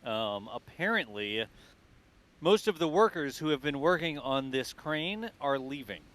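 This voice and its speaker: A man hosting live stream commentary, easygoing and thinking aloud with drawn-out phrasing. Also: fairly high pitch, lively intonation, fairly bright tone. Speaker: livestream host.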